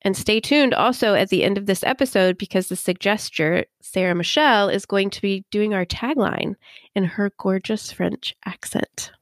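A woman's voice: medium pitch, normal speed, no room sound, clean studio sound. A young woman co-hosting a casual true-crime podcast, chatty and earnest, with lots of "like". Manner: chatty, earnest, says "like" often. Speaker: podcast co-host.

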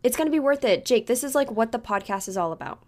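A woman's voice: fairly high pitch, lively intonation, fast talker, a little mellow. A woman co-hosting a podcast, chatting casually and laughing as she tells a story. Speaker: podcast co-host. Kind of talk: casual chat. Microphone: video call on computer.

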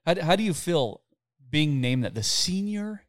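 A man's voice: on the high side, big pitch swings, normal speed. Playful male podcast host. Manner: playful, laughs often. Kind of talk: casual podcast chat. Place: brewery taproom. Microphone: headset.

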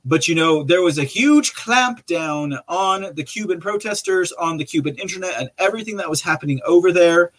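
A man's voice: high voice, animated, normal speed, hardly any pauses, fairly bright tone. A man hosting a podcast, talking casually and rambling to his listeners, with chuckles between remarks. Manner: rambling, chatty, addresses listeners directly. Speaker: podcast host. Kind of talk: casual live-stream commentary.

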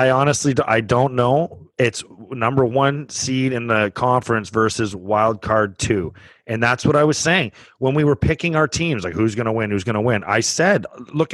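A man's voice: medium pitch, fairly bright tone, no echo. A man co-hosting a podcast in casual sports chat, emphatic and repeating his points for stress. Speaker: podcast co-host.

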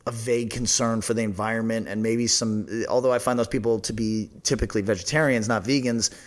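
A man's voice: fairly low pitch, steady tone, brisk. A man hosting a podcast, talking casually and profanely, rambling with restarts and dry sarcasm. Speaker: podcast host.

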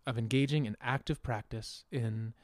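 A young man, a musician guest, chatting casually about his plans in a relaxed, rambling way with frequent laughs. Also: medium pitch, normal speed, no echo. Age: young adult. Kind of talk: casual conversation.

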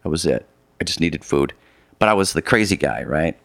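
A middle-aged man telling a long story in a casual conversation, animated and rambling with many restarts. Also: a bass voice, a little fast, dry recording. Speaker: guest, polar expedition adventurer.

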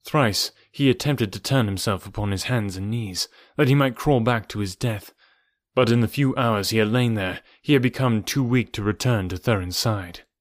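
A man reading a novel aloud as narrator, in a measured, somber way. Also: fairly low pitch, no room sound, studio quality. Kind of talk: audiobook narration.

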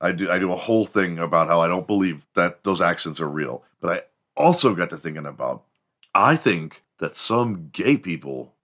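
A man's voice: deep voice, a bit bright. A man from Houston hosting a podcast, talking in a crude, joking, rambling solo monologue. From Houston, Texas. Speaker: podcast host.

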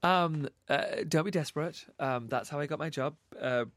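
A man's voice: on the high side, moderate pace, a bit bright, no room sound. A man giving a radio interview as a fashion guest, talking emphatically with many fillers. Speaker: guest, fashion expert and author. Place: radio studio. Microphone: studio microphone.

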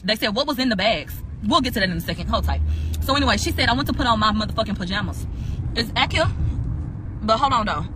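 Woman co-host, rapid profane rant-style recap, noisy recording that may be in a vehicle. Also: mid-range voice. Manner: profane, ranting, animated retelling. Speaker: podcast co-host recapping court testimony. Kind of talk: casual storytelling recap.

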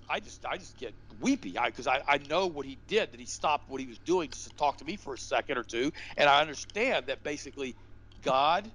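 A man's voice: medium pitch, a bit bright, low-quality recording. A man speaking as a guest on a show, delivering his points in a fiery, emphatic, preacher-like way with repeated rhetorical questions. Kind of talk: impassioned interview talk.

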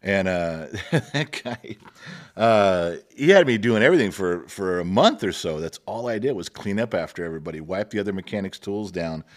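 A man's voice: low voice, animated, moderate pace. A middle-aged man telling long work stories into a podcast microphone. He chuckles often and acts out the people he quotes. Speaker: guest. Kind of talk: casual storytelling.

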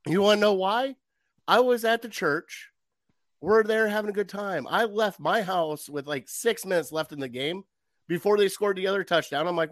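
A man ranting in a worked-up, animated way in a casual sports chat. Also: high voice, moderate pace, no echo, studio quality.

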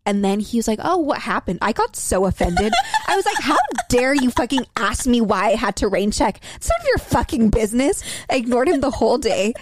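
Blunt, expressive young woman co-host. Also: fairly high pitch, fairly quick, hardly any pauses, dry recording. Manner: blunt, profane and expressive, acting out her own replies. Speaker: podcast co-host. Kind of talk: casual chat.

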